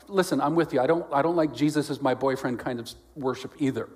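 Preaching fast with few pauses, a male pastor alternates loud outbursts with quiet, lowered delivery. He performs the voices of people he quotes and adds jokes.

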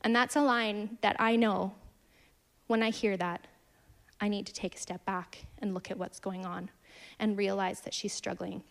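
A woman in her thirties preaching a sermon, earnest and storytelling, swinging from emphatic lines to hushed ones. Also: medium pitch, fairly even intonation, normal speed, gravelly.

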